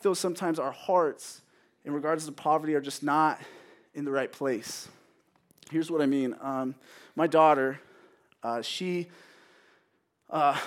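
A man in his thirties preaching a sermon in a conversational way, with self-joking asides. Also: medium pitch.

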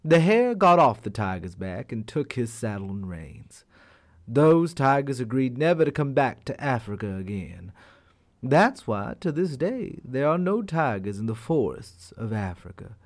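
A man telling a folk tale aloud as a storyteller, in an expressive, unhurried manner. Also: mid-range voice. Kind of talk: animated storytelling.

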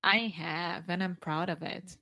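A woman's voice: on the low side, steady tone, unhurried, gravelly, sharp tone, no echo, studio quality. A woman from Brazil with a Rio de Janeiro accent, a native Portuguese speaker, chatting casually in English and laughing often. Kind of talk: casual chat.

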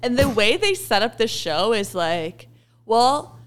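A woman co-hosting a podcast in casual chat, bubbly and animated, laughing often as she talks. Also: a little high, a little slow. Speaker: podcast co-host.

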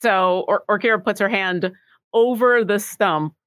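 A woman playing a tabletop game, explaining her character's actions in a thoughtful, unhurried way. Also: mid-range voice, fairly bright tone, no echo. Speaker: tabletop player. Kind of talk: casual game chat.

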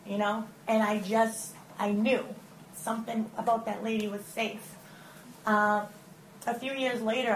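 A woman giving a lively personal testimony at church, telling her story with acted-out quotes. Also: a little high. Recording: echoey room with faint noise.

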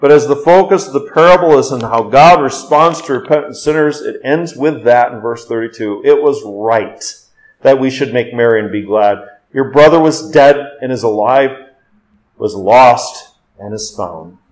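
Here a pastor, male, preaches an expository sermon; scripture readings push his voice up and quicken it, while emphatic moments bring it down low and slow. Audio is of poor quality.

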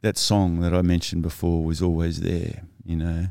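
A middle-aged man, a podcast guest telling his personal story in a reflective, halting way with many restarts. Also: deep voice, flat delivery, vocal fry, warm tone, no echo, clean studio sound. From Australia.

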